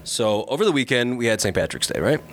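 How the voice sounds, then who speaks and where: A man's voice: mid-range voice, big pitch swings, fast, slight background noise. A man co-hosting a casual podcast, ranting with sarcastic indignation. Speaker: podcast co-host.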